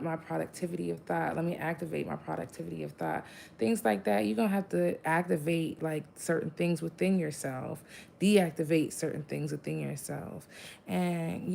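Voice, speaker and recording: A woman's voice: on the low side, gravelly, dark tone, slight background noise. A woman giving a casual spiritual pep talk as a vlogger, blunt and profane, rambling with lots of fillers.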